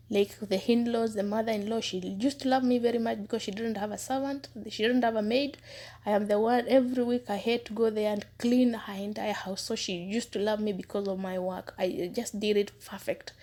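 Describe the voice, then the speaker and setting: A woman telling her own story as a former housemaid, in an earnest, casual way. She repeats words for emphasis and sometimes drops into hushed asides. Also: on the high side. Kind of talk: personal testimony, casual storytelling.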